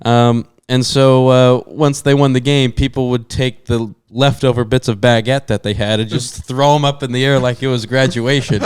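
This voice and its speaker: A man's voice: medium pitch, fairly even intonation, normal speed, hardly any pauses, smooth, no room sound, studio quality. A young man telling a long story to his podcast co-hosts, full of fillers and asides. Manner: rambling storyteller with many fillers. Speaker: podcast co-host. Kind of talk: casual chat.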